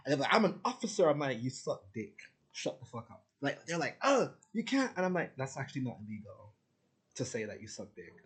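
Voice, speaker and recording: Profane, rambling male vlogger. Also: mid-range voice. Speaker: spiritual vlogger. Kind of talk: casual ranting monologue.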